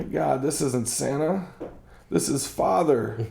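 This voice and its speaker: Slow, gravelly man reading melodramatically. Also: mid-range voice. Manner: overwrought and theatrical, swinging from hushed to frantic; breaks into laughter. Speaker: podcast host. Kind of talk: melodramatic comedic first-person story reading.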